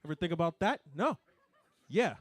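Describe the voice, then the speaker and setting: A young man doing a stand-up comedy set, animated, swinging between mumbled asides and loud punchlines. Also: a little high, moderate pace, no room sound.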